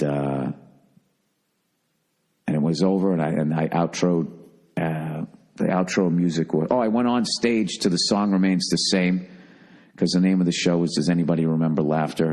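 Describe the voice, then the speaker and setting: A man's voice: low voice, normal speed, a little mellow. A man hosting a podcast, telling a story in a casual, profane, emphatic monologue. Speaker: podcast host.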